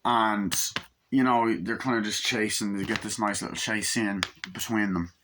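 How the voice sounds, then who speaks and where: A man's voice: fairly low pitch, steady tone, moderate pace, noisy background. Rambling young man reviewing a movie. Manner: rambling, acts out quotes in raised voices, swears casually. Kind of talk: casual movie review recap.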